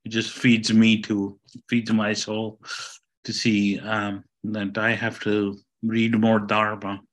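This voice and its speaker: A middle-aged man from India sharing a story in a casual group talk, halting and self-deprecating, laughing at himself. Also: fairly low pitch, completely flat delivery, rough recording. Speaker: sangha member being appreciated.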